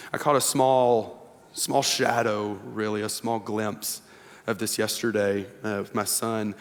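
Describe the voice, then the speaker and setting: A young man preaching a sermon as pastor. He moves between slow, hushed scripture reading and lively, animated storytelling. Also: lowish voice. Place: church sanctuary. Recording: long reverb of a church sanctuary.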